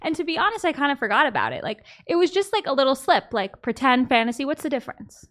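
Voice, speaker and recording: A woman's voice: high-pitched, big pitch swings, fast, a bit bright. A woman hosting a podcast, telling a personal story in casual chat, laughing as she goes. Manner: chatty, laughs while telling stories. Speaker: podcast host.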